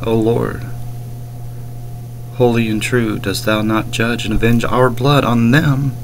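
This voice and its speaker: Man, slow deliberate scripture reading, scornful rebuttal, faint background hiss. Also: mid-range voice, gravelly, poor audio. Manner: slow deliberate reading of King James verses; scornful toward the clip. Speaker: commentator reacting to a sermon clip.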